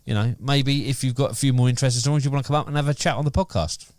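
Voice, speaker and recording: A man's voice: medium pitch, rapid-fire, a little mellow, no room sound. A man co-hosting a casual podcast, rambling with many fillers and restarts. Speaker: podcast co-host. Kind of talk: casual chat.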